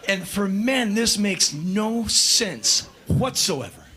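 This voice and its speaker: A male comedian doing a stand-up set, ranting in an animated, mock-shouting way. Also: high-pitched, takes it slowly, hardly any pauses, background noise.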